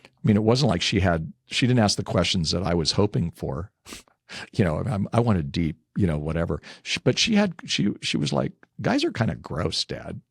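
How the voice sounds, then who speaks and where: An older man with a low, deep voice, telling warm family anecdotes as an interview guest. His talk is chatty and rambling, with the odd laugh. The sound is dry and close, with no room echo. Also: sing-song, normal speed, creaky, breathy edge. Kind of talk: casual interview storytelling.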